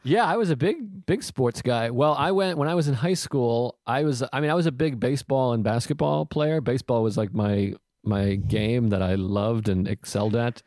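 A man's voice: medium pitch, normal speed, few pauses, darkish tone, no room sound. A man who swears his way through chat. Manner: swears casually, jokey and rambling. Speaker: podcast host, comedian. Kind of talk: casual podcast chat.

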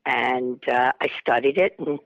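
An older woman calling in by phone, telling a chatty, animated story and laughing often. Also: rumbling low, a little slow, creaky, dry recording. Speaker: phone-in guest, host's mother. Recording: muffled phone line.

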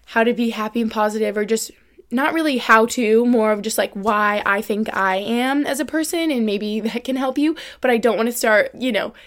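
A woman's voice: on the high side, gravelly. A young woman hosting her own podcast, rambling in a chatty, earnest way with lots of "like" fillers, turning emotional at times. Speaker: podcast host. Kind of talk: casual solo podcast chat.

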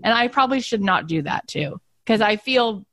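At a normal speed and with no room sound, a middle-aged podcast host chats casually and spins stories. She's an animated storyteller who performs quotes in high-pitched voices.

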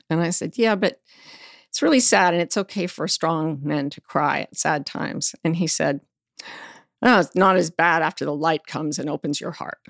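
Low-pitched with vocal fry, this middle-aged woman's voice comes through in studio quality without echo. As an interview guest, she tells personal stories frankly and candidly, swearing now and then.

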